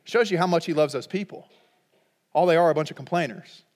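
A middle-aged male pastor preaching a sermon in a conversational, humorous way, breaking into loud, emphatic peaks. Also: a little high, fairly quick, big-room sound.

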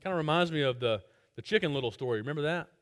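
A male pastor delivers an expository sermon, emphatic and repeating key phrases, moving between loud stress and soft drops. His voice is a little high, expressive, and rapid-fire.

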